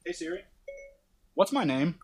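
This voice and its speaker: A man's voice: high-pitched, wildly swooping pitch, normal speed, creaky. A young man co-hosting a comedy podcast, loose and profane, laughing often. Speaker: podcast co-host. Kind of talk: casual chat. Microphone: close podcast mic.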